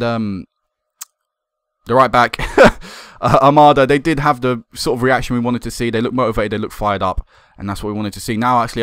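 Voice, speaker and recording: Excitable young gaming commentator. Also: male voice, medium pitch, smooth, no room sound, studio quality. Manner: excitable, swearing and laughing at goals. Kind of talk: casual game commentary.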